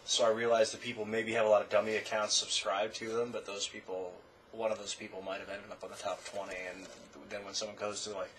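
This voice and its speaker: A man's voice: on the low side, level tone, quick pace, recorded from a distance, heavy background noise. A drunk man ranting profanely in a casual late-night video chat, mocking other video makers. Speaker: video blogger.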